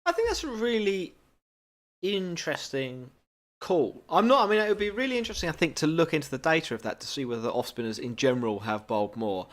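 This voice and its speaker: A man's voice: on the high side, big pitch swings, brisk. A man co-hosting a podcast in casual chat, talking freely, poking fun at himself and steering the talk with questions. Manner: chatty, self-deprecating, leads the conversation with questions. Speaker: podcast co-host.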